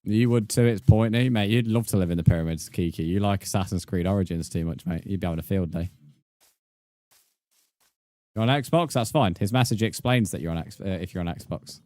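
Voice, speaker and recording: Sweary man, low voice. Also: fairly quick, a little mellow, dry recording. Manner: blunt, sweary banter with viewers. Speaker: game streamer. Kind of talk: live stream chat while gaming.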